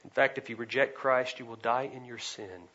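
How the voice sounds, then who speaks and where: A man preaching an expository sermon, swinging between loud emphasis and quiet asides. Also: medium pitch, moderate pace, dull audio. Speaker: pastor.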